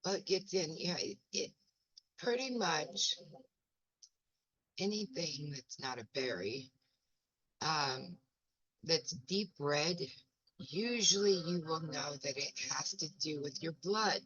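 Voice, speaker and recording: A woman's voice: deep voice, lively intonation, slow, pauses often, fairly bright tone. A folksy, self-mocking woman, chatting casually as the host of a home video, her eyes burning from pepper. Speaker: wellness ministry host. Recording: dull lo-fi dry sound.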